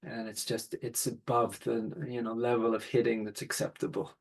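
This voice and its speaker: A man talking as a podcast guest and father, in a gentle, thoughtful, unhurried conversation. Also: medium pitch, flat delivery, creaky, low-quality recording. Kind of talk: reflective conversation.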